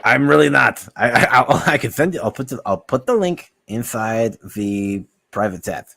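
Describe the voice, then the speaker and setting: A man's voice: mid-range voice, expressive, normal speed, gravelly, sharp tone, dry recording. A man chatting casually on a livestream, giving rambling tips with many fillers and reading search results aloud. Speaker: guest giving advice.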